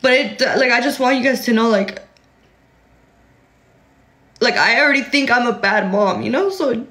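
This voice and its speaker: A woman's voice: fairly high pitch, moderate pace, bright, forceful tone. A young woman crying as she vents on her phone livestream. She rambles, fills her talk with "like," and keeps restarting her sentences. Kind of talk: emotional venting on a livestream.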